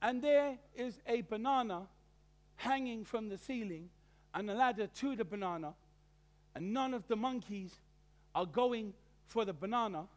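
A man's voice: high voice, unhurried. A man preaching a sermon, telling a story animatedly with stammered repeats of words.

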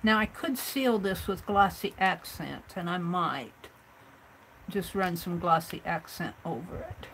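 A woman's voice: fairly low pitch, a little slow, fairly bright tone, slight background noise, poor audio. A woman hosting a craft livestream, chatting casually and thinking aloud as she works on an art journal.

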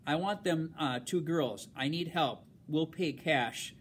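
A man's voice: on the high side, takes it slowly, fairly bright tone, a little hiss or hum. A man reading aloud and voicing a bold, plain-spoken tavern woman who talks bluntly. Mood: determined.

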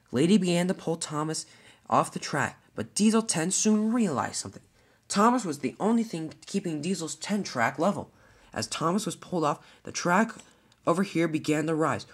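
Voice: medium pitch, breathy edge. A storyteller narrating a homemade toy-train adventure, with frequent slips and restarts.

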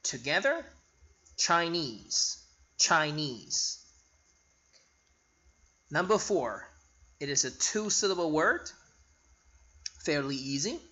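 A male phonics teacher with a bright, fairly high voice that rises and falls a lot. He talks slowly and clearly, spelling out letters one by one. He repeats each word for learners to follow. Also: big pitch swings, dull audio. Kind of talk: slow spelling lesson.

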